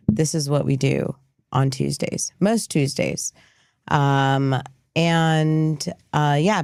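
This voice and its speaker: A woman with a low, deep voice hosts a live news commentary show, and she talks slowly and easily. Her delivery is chatty and rambling, full of fillers and small restarts, and the sound is dry and close. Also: darkish tone, dry recording. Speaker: host.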